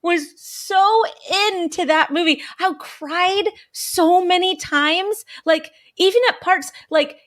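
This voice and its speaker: A woman co-hosting a podcast, gushing and animated as she tells a story and swears freely. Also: very high voice, takes it slowly, hardly any pauses. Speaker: podcast co-host. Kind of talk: casual podcast chat.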